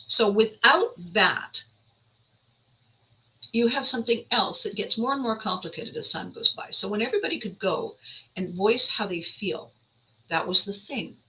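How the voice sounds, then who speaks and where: Bright-voiced woman telling wry stories. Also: mid-range voice, normal speed, low-quality recording. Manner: animated, wry, repeats lines for emphasis; acts out quoted voices. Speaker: podcast host. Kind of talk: storytelling monologue.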